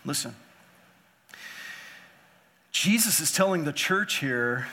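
A man preaching a sermon with impassioned swings between quiet and loud emphasis, acting out biblical figures in casual modern speech. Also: fairly high pitch, very animated, measured pace, pauses often, a little hiss or hum. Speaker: pastor.

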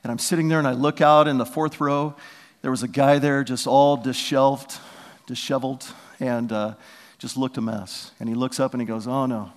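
A male pastor preaches in a church sanctuary, his voice carrying a long reverb off the large hall. He talks through stories in a loose, conversational way, slipping into the voices of the people in them. His pitch sits in an ordinary middle range. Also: steady tone, normal speed. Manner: conversational storytelling, acting out quotes. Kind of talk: sermon.

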